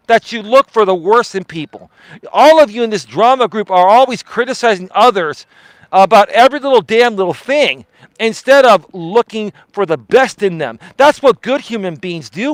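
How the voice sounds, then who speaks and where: A man hosting a live stream, delivering a confrontational, profane rant with emphatic repetition and a loudly projected voice. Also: very high voice, no room sound, low-quality recording.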